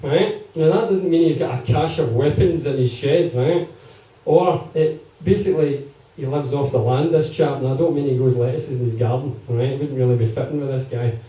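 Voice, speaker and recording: A man's voice: medium pitch, moderate pace, dark tone. A man telling comic stories to a live crowd, chatty and checking in with them. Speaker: storyteller at a gig. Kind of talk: comic storytelling to a live audience. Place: live music gig. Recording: echoey live room, distant mic.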